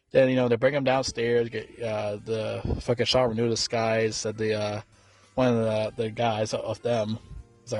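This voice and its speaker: A man's voice: mid-range voice, fairly even intonation, fairly quick, darkish tone, no echo, faint music behind. A man giving a casual film review, rambling and swearing freely, with many fillers and restarts. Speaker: movie reviewer.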